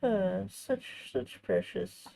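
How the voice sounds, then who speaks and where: A woman hosting a crafting channel, chatting casually in a tender, reflective way, often halting and restarting her sentences. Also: mid-range voice, creaky, dark tone, rough recording. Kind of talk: casual chat while crafting.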